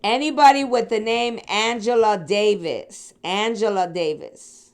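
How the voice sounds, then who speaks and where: A woman from the Chicago area talks through a psychic reading in a loose, rambling way. Her voice sits at an ordinary middle pitch. She speaks straight to her listeners and checks in with them as she goes. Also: a little slow, smooth. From Chicago area, USA. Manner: rambling, addresses listeners directly with "okay?" and "sweetheart". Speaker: psychic reader. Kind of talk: casual spiritual reading monologue.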